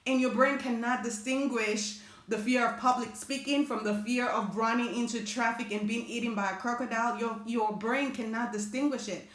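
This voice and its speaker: A woman hosting a live motivational talk, chatting with her viewers and reading their comments. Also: fairly high pitch. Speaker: host of a live motivational stream. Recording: echoey room.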